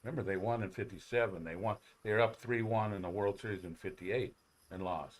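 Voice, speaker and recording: A man, a former ballplayer, telling rambling, animated stories on a sports talk show, with many restarts. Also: lowish voice, a little fast. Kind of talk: casual storytelling on sports talk radio.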